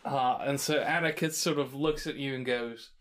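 A man's voice: medium pitch, steady tone, moderate pace, crowd noise. A man narrating as game master of a tabletop game, easygoing and a little hesitant.

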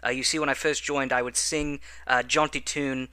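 Bright, formal man playing a genteel bard. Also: medium pitch, little pitch movement, normal speed, hardly any pauses, clean tone, no room sound. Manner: formal, polite, slightly grandiose. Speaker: player.

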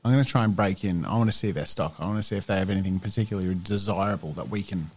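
A man playing a tabletop game, describing his character's schemes in an animated, self-amused way. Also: sits low, racing, husky. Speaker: player. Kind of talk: tabletop role-play as a player.

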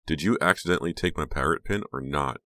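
A man's voice: a bass voice, fast, sharp tone, no echo. A man voicing a nervous, suspicious teenage girl in an audiobook reading. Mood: protesting.

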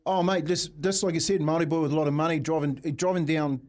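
A man's voice: fairly high pitch, quick pace. A man telling a funny story on breakfast radio, laughing as he goes and acting out the voices. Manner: animated storyteller, laughs often, acts out quotes. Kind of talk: casual radio yarn. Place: radio studio.

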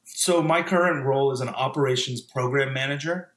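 A man's voice: mid-range voice, a little fast, fairly bright tone, roomy sound. A man in his thirties, a former pastor, speaking as a podcast guest in a reflective, casual way with frequent fillers and restarts. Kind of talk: casual conversational interview.

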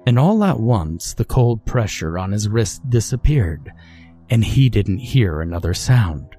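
A man narrating a scripted horror story in a slow, measured, brooding way. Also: lowish voice, expressive, warm tone, faint music behind.

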